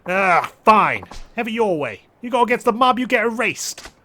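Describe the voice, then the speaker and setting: A man pitches his voice up into a high, expressive, brisk and slightly bright register to play a smug, threatening mob enforcer with a put-on New Jersey accent. The menacing, pushy character comes through in an amateur reading of game dialogue.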